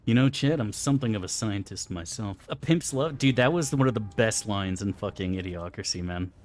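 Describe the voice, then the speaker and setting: This man streams a game and chats casually, joking around in a crude, rambling way. His voice sits lowish, with lively intonation and a slightly fast pace.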